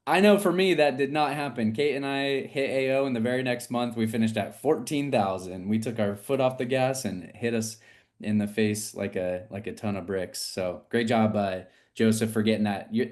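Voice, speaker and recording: A man's voice: lowish voice, fairly quick. An upbeat man runs a team call. He reads out names and numbers and cheers each person on with plenty of energy. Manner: energetic, hypes people up. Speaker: agency leader hosting a team call. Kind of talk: upbeat team meeting shout-outs.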